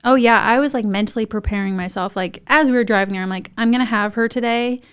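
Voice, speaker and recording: A young woman, a podcast guest telling a funny story in a lively, animated way and acting out other people's voices. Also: fast, clear, resonant tone. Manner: lively, acts out voices of others in high excited tones. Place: podcast studio.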